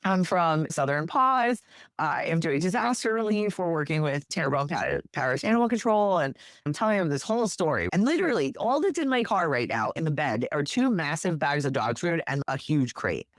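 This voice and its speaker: A woman from New Jersey telling a story as an interview guest, lively, acting out the quotes with big jumps in her voice. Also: low-pitched, a little fast, dry recording, studio quality. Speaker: guest, animal rescue worker.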